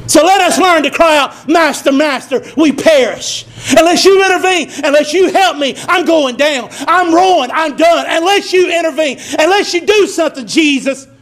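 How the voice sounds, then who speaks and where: A pastor delivers a sermon from his pulpit in a very high voice. He builds to shouted lines and draws call-and-response from his congregation. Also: normal speed, hardly any pauses. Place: church sanctuary.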